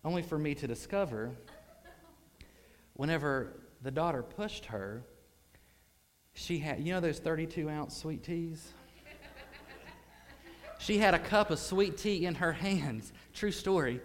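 Male preacher with a drawl, a touch high-pitched, animated storyteller, hushed to loud. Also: a little slow, long pauses. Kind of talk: sermon storytelling.

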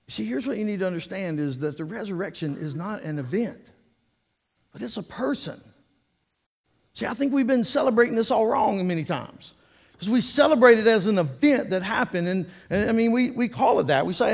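A man preaching a sermon, animated and joking as he draws the congregation in. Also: sits high, moderate pace, gravelly, slightly rough. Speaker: pastor. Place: church sanctuary. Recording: long reverb of a church hall.

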